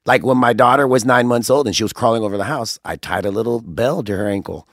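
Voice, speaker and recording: A man on a podcast as a guest, telling stories in a rambling, animated way with lots of restarts. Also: mid-range voice, fast, dry recording, studio quality. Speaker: guest, singer. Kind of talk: casual podcast chat.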